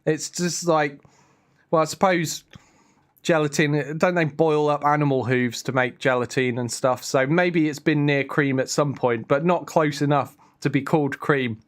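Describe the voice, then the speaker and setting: A man's voice: a little high, steady tone, unhurried. A young man chatting casually on a live stream, rambling and answering his chat. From England.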